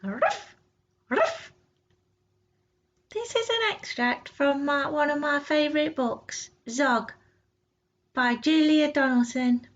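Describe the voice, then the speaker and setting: A woman reading a picture book aloud in a playful, slow and clear way, on a dull lo-fi recording. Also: high-pitched. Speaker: school reader.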